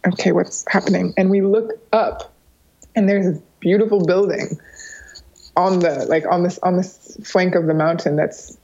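A woman's voice: normal speed, gravelly, breathy edge. A young woman recounts a trip in an easy, chatty way. She brings the story alive by putting on other people's voices. The recording has a slightly muffled, lo-fi quality. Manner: animated, acts out quoted voices with higher pitch. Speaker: guest storyteller. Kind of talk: casual storytelling. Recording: slightly dull lo-fi sound.

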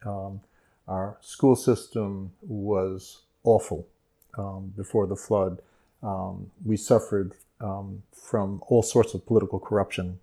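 A man with an authentic New Orleans accent talks through ideas carefully as an interview guest. His low voice has a gravelly, fried edge and a dark, mellow tone. He pauses often with ums and moves along at a measured pace. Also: steady tone. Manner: thoughtful, measured, frequent ums. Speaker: guest expert. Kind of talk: interview conversation.

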